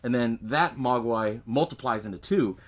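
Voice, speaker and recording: A man's voice: mid-range voice, normal speed. A man hosting a podcast, recapping a movie in a loose, profane way and laughing often as he tells it. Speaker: podcast host.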